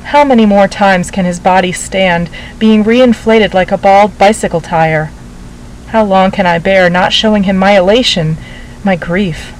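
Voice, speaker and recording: A woman reading a literary short story aloud as narrator, in a measured, gently expressive way. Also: medium pitch, slight background noise, low-quality recording.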